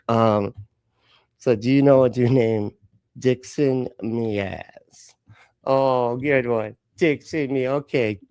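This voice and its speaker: A man hosts a live reaction stream in casual chat, his voice medium-pitched with a darkish tone and no room sound. He jokes sarcastically, laughs often, and greets chatters by name.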